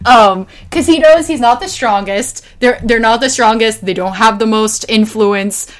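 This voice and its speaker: A young woman talking casually, full of fillers, swearing freely and telling stories with lively energy. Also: a little high, unhurried. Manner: rambling, filler-heavy, swears freely, animated storyteller. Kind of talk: casual chat.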